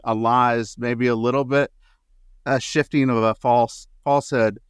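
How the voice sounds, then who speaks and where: A man hosting an interview podcast, asking long, thoughtful questions with searching pauses and self-corrections. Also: mid-range voice, no echo, clean studio sound. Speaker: podcast host.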